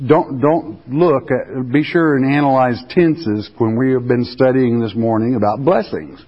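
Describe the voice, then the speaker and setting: A man's voice: medium pitch, moderate pace, hardly any pauses, breathy edge. A man preaching a sermon in a folksy, plain-spoken way, stretching out the scripture he reads for emphasis. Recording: dull recording in a reverberant hall.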